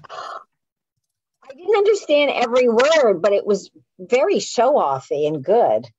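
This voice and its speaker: A woman's voice: a little high, big pitch swings, takes it slowly, darkish tone, a little hiss or hum. A woman from Canada chatting on a video call in a zany, exclamatory, gushing way. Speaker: guest author. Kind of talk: casual video call chat. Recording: dull lo-fi video call audio.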